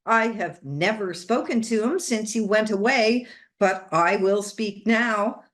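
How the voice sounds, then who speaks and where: A woman's voice: medium pitch, slow, fairly bright tone, voice pushed up. A woman reading aloud and voicing an unhinged, grieving older woman who speaks passionately and entreatingly. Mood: insistent. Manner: passionate, entreating, a little wild. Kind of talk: storybook reading.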